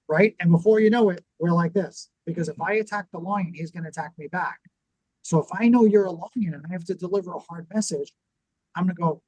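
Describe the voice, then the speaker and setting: A man co-hosting a business talk show, teaching in a lively conversational way and acting out what people would say. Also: sits high, fast, no room sound, rough recording. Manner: animated, acts out quoted reactions. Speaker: podcast co-host.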